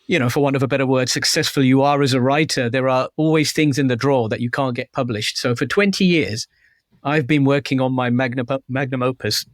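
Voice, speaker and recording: A man's voice: medium pitch, steady tone, brisk, no room sound, studio quality. A man guest author chatting in an interview, telling anecdotes in a self-deprecating way. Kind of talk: casual interview chat.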